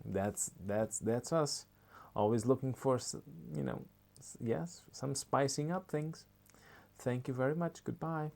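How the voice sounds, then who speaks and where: A man's voice: medium pitch, a little slow, gravelly, a little mellow, pitched above the performer's own voice. A man voicing a chirpy woman shop clerk, speaking in a singsong customer-service politeness.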